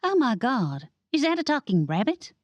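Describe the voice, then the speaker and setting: A woman voicing a naive, excitable young woman in an audiobook, her voice high and eager. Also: moderate pace, dry recording. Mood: excited.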